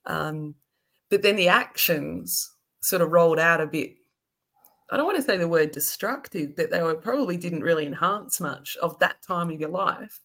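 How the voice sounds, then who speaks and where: A woman's voice: lowish voice, lively intonation, moderate pace, a bit bright. A woman hosting a casual interview chat, prompting with questions and laughing often. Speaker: podcast host.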